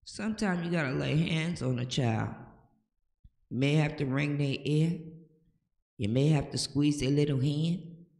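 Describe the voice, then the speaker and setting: A woman's voice: sits low, a little slow, vocal fry, pauses often, darkish tone. An older woman hosting a home-remedy talk, giving emphatic, preachy advice and often checking in with "okay?". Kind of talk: casual advice talk to camera. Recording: echoey room with long reverb.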